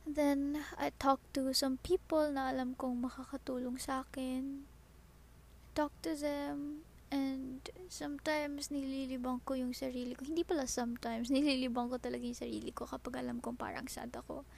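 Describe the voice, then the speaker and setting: A woman with a Filipino accent hosting a podcast, talking softly and rambling as she switches between English and Tagalog and calls the listener "baby.". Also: high-pitched, level tone, moderate pace, creaky. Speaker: podcast host. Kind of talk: personal podcast monologue.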